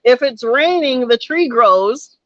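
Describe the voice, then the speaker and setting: A woman's voice: high-pitched, animated, slow pace, no room sound. A woman in her thirties giving an emphatic, preachy motivational talk with folksy asides. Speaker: motivational speaker. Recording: dull, dry lo-fi sound.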